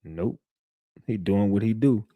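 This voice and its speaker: A man voicing a calm, menacing grown man in a low, flat, unbothered delivery. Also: unhurried, no room sound, narrow, tinny audio. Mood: ominous calm.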